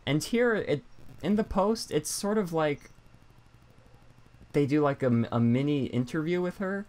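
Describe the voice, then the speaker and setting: A man's voice: on the high side, animated, unhurried, a little mellow. A man hosting a casual podcast, chatting loosely and poking fun at himself as he reads out quotes. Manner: chatty, self-deprecating, reads quotes aloud. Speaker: podcast host.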